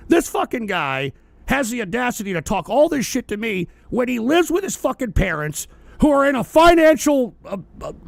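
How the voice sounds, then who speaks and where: A man hosting a live political talk stream, ranting and swearing and often shouting angrily at viewers in the chat. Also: very high voice, vocal fry, no echo.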